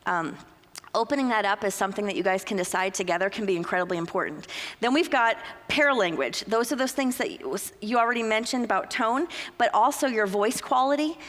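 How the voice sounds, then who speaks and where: A woman speaking at a couples conference in a church hall, lively and acting out little quoted exchanges as she teaches. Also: medium pitch, a little fast. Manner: lively, uses acted-out quotes. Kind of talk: conference talk. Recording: long reverb of a large hall.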